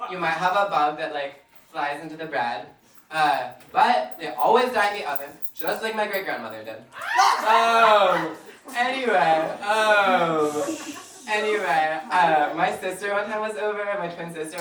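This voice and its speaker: A young woman doing a stand-up set, telling dark jokes deadpan and often laughing. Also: fairly low pitch. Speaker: stand-up comedian. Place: comedy club stage. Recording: echoey club from far off, noisy.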